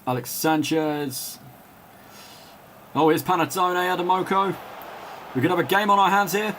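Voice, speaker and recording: Male play-by-play commentator, slightly high voice, calls names in quick bursts and yells on goals, faint noise in the background. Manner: chats and laughs with viewers between calls. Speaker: match commentator.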